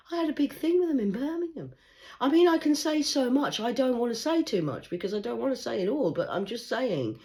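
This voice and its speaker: An Englishwoman reads tarot cards in a rambling, intense livestream monologue, with a mid-pitched voice. She swings between loud, urgent declarations and low, hushed murmurs as she talks on and on. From England. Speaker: tarot card reader.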